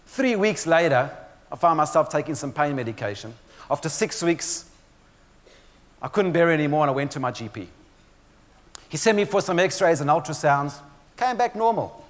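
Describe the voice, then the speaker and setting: With long pauses and a moderate pace, a man gives a keynote on stress in a fairly high, expressive voice. This motivational speaker addresses the audience directly and tells stories with dry humor, recorded with long hall reverb.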